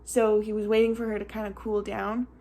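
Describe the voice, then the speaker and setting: A woman's voice: mid-range voice, level tone, a little fast, warm tone. A young woman and mother telling a casual storytime vlog, chatty and rambling with many "like" fillers, close to tears at times.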